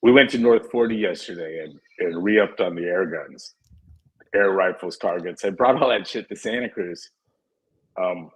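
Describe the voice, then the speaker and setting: A man's voice: low voice, normal speed, husky, low-quality recording. A man chatting as a podcast guest, blunt and plainspoken with frequent profanity. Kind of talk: casual chat.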